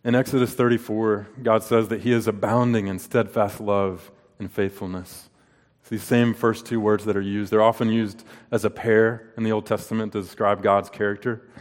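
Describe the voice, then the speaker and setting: A man's voice: on the low side, little pitch movement, moderate pace. A man in his thirties preaching a sermon in an earnest way, asking rhetorical questions and telling personal stories. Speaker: pastor. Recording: long reverb of a large hall.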